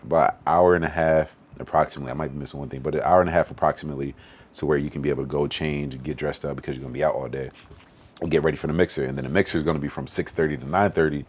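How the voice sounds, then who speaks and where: Very deep-voiced fast-talking man. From Western Massachusetts. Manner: fast, animated storytelling with slang. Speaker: podcast guest, event organizer. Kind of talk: casual podcast conversation.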